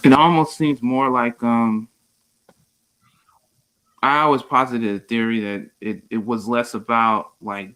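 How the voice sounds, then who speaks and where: A man on a panel lays out a theory, thinking aloud with fillers as he goes. His voice sits fairly low. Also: a bit bright. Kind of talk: casual panel discussion.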